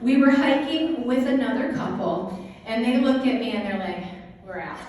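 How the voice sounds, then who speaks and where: A woman telling a personal story as a motivational talk to an audience, lively and laughing often. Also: fairly high pitch, moderate pace. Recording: echoey hall from far off, faint noise.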